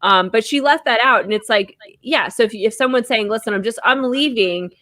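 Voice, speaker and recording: A woman's voice: fairly high pitch, fairly quick, sharp tone, dry recording, clean studio sound. A woman co-hosting a podcast in casual chat, reading listener letters aloud and laughing often. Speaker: podcast co-host.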